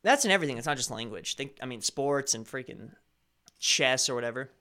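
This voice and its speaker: A man's voice: medium pitch, lively intonation, brisk, sharp tone. A man from Colorado with a slight Colorado accent, hosting a live stream and chatting casually with viewers in a rambling, self-correcting way. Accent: slight Colorado American. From Colorado, USA. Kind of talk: casual chat answering viewer chat.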